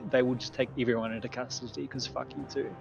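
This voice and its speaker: A man's voice: medium pitch, flat delivery, fast talker, creaky, over loud music. Man playing a tabletop game on a dull mic. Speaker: player. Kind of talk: casual tabletop play.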